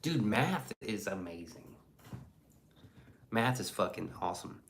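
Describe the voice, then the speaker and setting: A man's voice: lowish voice, sing-song, a little slow, pauses often. A man hosting a casual livestream and reading the chat aloud, in a blunt, profane and rambling way.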